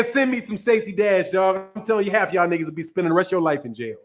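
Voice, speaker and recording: A man's voice: high-pitched, moderate pace. A man hosting a boxing commentary channel, ranting in a heated, profane way, repeating himself and breaking into laughter.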